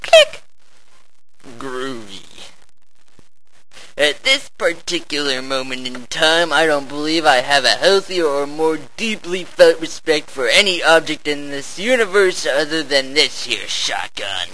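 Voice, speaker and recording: A man giving over-the-top, theatrical narration while playing a shooter game, full of shouty bravado. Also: on the high side, animated, unhurried, a little hiss or hum, poor audio. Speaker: game player. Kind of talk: hammy gameplay narration.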